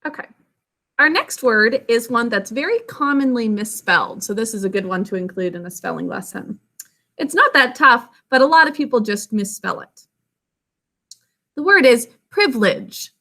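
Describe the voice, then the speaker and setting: Woman, teacher, high voice, encouraging, careful sounding-out of words. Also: lively intonation, normal speed, sharp tone. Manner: encouraging, praises pupils often. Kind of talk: spelling and phonics lesson.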